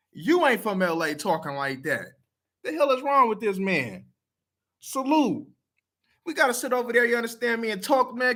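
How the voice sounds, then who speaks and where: Blunt, profane man with lively pitch. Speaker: video commenter. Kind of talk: casual talk to camera.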